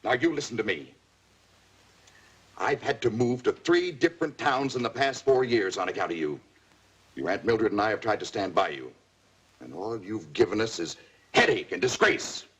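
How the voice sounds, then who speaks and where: A hard-pressed, middle-aged widowed father in a 1950s TV drama. His voice sits low and husky, and he talks in a stern, scolding, demanding way. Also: animated, normal speed, long pauses, fairly bright tone. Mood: angry. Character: stern widowed working father, harsh and fed up.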